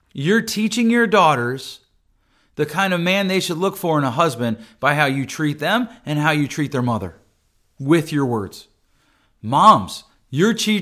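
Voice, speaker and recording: A man's voice: fairly high pitch, a bit bright. Earnest man hosting a podcast. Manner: earnest, conversational, with frequent restarts. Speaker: podcast host. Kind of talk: podcast monologue.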